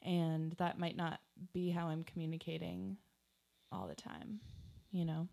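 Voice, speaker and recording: A young woman co-hosting a relaxed podcast, talking slowly with frequent pauses and fillers. Her voice sits a little low and sounds warm and mellow. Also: vocal fry. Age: young adult. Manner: slow, grounded, pausing with many fillers. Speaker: podcast co-host. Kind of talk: casual chat.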